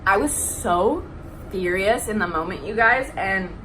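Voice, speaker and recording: A woman's voice: mid-range voice, lively intonation, unhurried, fairly bright tone, a little hiss or hum, rough recording. A young woman venting in a heated, profane rant to her vlog viewers. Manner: heated, profane, emphatic ranting. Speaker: vlogger. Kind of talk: ranting vlog.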